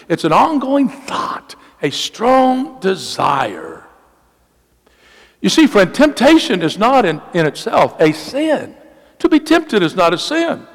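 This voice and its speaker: A male pastor preaches a sermon with emphasis, repeating key phrases and slowing for weight. His voice sits high and moves in lively swings. The long reverb of a church hall trails behind him. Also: creaky.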